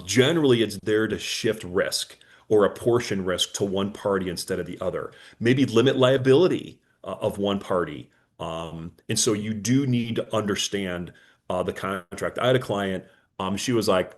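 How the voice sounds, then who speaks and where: A man, an attorney, giving a conversational business webinar, telling client stories and acting out their dialogue with frequent fillers. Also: lowish voice. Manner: anecdotal, acts out client dialogue, many fillers.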